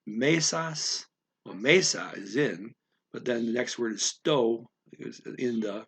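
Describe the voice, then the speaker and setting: A man slowly explaining a story word by word as a language teacher, thinking aloud with many pauses. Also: fairly low pitch, gravelly, fairly bright tone, slightly rough. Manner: slow, thinking aloud, frequent fillers.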